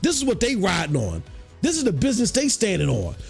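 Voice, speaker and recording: A man with a high voice chats on a gaming podcast. His pitch leaps around as he tells stories full of slang and swearing. Quotes come out louder, and faint music plays behind him. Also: fast talker, vocal fry. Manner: animated storytelling, slangy, swears freely, acts out quotes in a raised voice. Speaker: podcast host. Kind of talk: casual gaming podcast chat.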